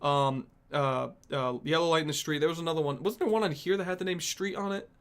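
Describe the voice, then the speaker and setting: A man's voice: a little high, fast talker, clear, resonant tone. Rambling young man reacting to songs. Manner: rambling, thinking aloud, swearing, filler-heavy. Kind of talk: casual music reaction chat. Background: faint music from the songs he plays.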